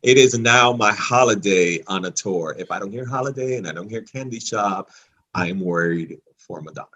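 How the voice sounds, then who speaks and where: A man's voice: on the low side, normal speed, sharp tone, poor audio. A man talking casually as a supportive, enthusiastic fan on a music podcast. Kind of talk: casual album discussion.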